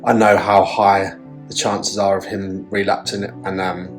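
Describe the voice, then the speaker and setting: A man's voice: low voice, flat delivery, measured pace, soft background music. A father talking casually to camera in a family vlog, chatty and open about his worries. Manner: chatty, then quietly worried.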